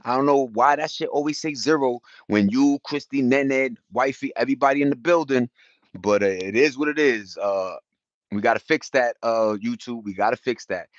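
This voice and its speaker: A man's voice: medium pitch, normal speed, dry recording. A man, chatting loosely on a livestream, greeting viewers and laughing as he talks. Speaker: livestream host. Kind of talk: casual livestream chat. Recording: dull lo-fi sound.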